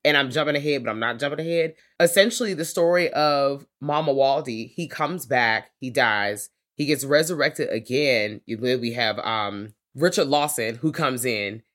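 A man co-hosts a casual podcast and talks films in a slangy, unpolished way. He rises loud when he gets excited and sinks to soft, quiet asides. His pitch sits in the middle for a man. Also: normal speed, hardly any pauses. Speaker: podcast co-host. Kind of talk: casual film chat.

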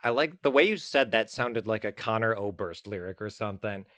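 A man's voice: fairly low pitch, lively intonation, fairly bright tone, dry recording. Filmmaker guy rambling in an interview, joking at himself, dry close mic. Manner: chatty, self-deprecating, quick asides. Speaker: filmmaker guest. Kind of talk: casual interview talk.

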